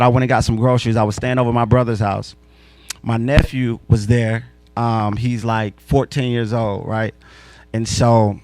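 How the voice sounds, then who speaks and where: Man telling a story in slangy talk. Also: medium pitch. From Asheville, North Carolina. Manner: relaxed, slangy, repeats phrases for emphasis. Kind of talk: casual storytelling.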